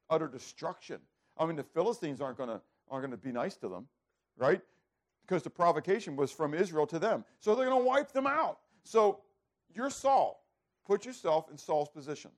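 Animated preacher asking rhetorical questions. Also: male voice, fairly high pitch, moderate pace, pauses often. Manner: animated, asks rhetorical questions and answers them; repeats words as he restarts. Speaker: preacher teaching a Bible passage. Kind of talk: sermon.

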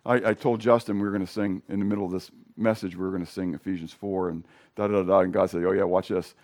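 A middle-aged male pastor with a hoarse voice, preaching in a casual, conversational way and questioning his congregation. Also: deep voice, fairly even intonation, fast talker, darkish tone. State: hoarse from sinus drainage. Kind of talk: sermon.

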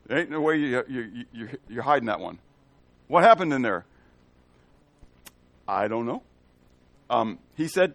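A man giving an animated Bible teaching, asking the listeners questions and acting out the lines of the people in the story. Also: medium pitch, measured pace, gravelly, long pauses, no echo.

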